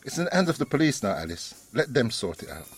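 An actor playing a principled man who speaks in a measured, earnest way. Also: medium pitch, very animated, slightly rough, faint music behind. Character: calm, principled male friend.

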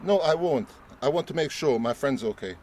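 An actor playing a principled man who speaks in a measured, earnest way. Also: medium pitch, lively intonation, a little mellow, a little hiss or hum, natural voice. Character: calm, principled male friend.

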